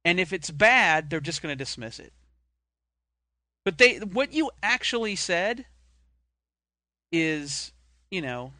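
High bright-voiced guy chatting on a podcast, very dry close sound. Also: takes it slowly, long pauses, no echo. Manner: animated storyteller, mocking put-on voices. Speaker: podcast co-host. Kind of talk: casual chat.

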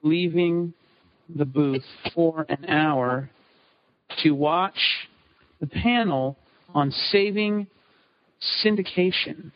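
A man co-hosting a casual podcast chat, telling profane, animated stories. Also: on the high side, drawn-out words, pauses often. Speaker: podcast co-host. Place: convention booth. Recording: dull lo-fi recording.

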